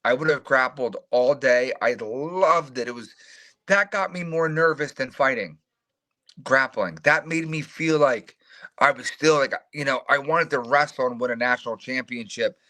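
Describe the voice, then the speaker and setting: A middle-aged man, a retired fighter, telling animated, profane, self-mocking stories in a casual interview and acting out the voices of others. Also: mid-range voice, moderate pace.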